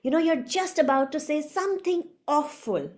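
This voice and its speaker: A woman giving a reflective spiritual talk as a teacher, soft-spoken and unhurried. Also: high-pitched, animated.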